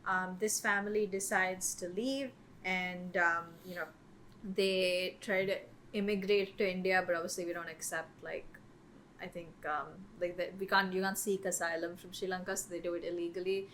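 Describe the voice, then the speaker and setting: A woman's voice: on the low side, fairly even intonation, normal speed, a bit bright, slight background noise. A woman co-hosting a podcast, chatting casually about films, with lots of "um" and "like". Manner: chatty, many fillers like "um" and "like". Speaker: podcast co-host. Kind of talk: casual film discussion.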